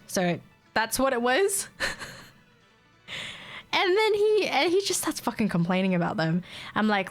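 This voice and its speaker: A young woman streamer chatting casually and telling a story, blunt and sweary, quick to mimic the people she talks about. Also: medium pitch, sing-song, soft background music. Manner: mimics callers and herself in quoted bits. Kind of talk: casual chat, venting a story.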